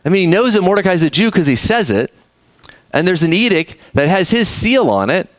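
A man preaching a sermon, telling the story with animated energy, acting out characters and speaking to the kids in the room. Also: sits high, fairly quick, no room sound. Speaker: pastor.

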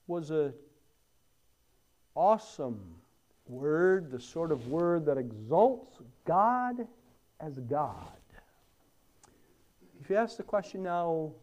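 A man's voice: a little high, a little mellow. A man preaching a sermon, swelling hard on key words and then dropping almost to a whisper. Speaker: pastor.

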